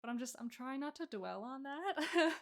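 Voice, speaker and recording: Young woman streamer, kinda high voice, giggly and rambly, lots of likes and ums. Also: animated, measured pace, fairly bright tone. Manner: chatty, giggly, lots of fillers. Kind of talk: casual live-stream chat.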